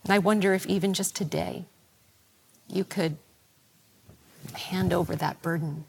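Slow, gravelly woman preacher. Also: fairly low pitch, fairly even intonation, a little hiss or hum. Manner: slow, reflective, prayerful preaching that sinks toward a whisper. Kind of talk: sermon.

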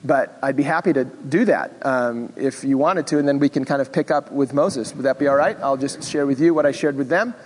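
A middle-aged man teaching a Bible class, animated and expressive, with self-deprecating asides. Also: mid-range voice, a little fast, hardly any pauses, long reverb tail.

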